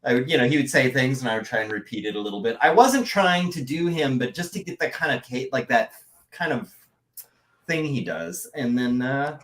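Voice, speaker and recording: A man from the American West, a voice actor and artist, telling rambling, animated stories in casual podcast chat. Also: mid-range voice, brisk, poor audio.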